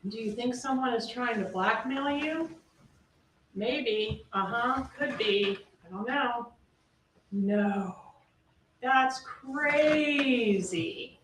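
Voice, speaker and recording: Speaking slowly in a fairly bright, higher voice, a woman prosecutor makes her closing argument to a jury and presses each point with rhetorical questions. The courtroom audio is captured from a distance, roomy, with faint hiss.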